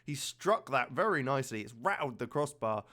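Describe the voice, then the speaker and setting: Man, casual game commentary, chatty, excitable play-by-play, middle pitch. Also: moderate pace. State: slightly out of breath. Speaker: gaming channel host.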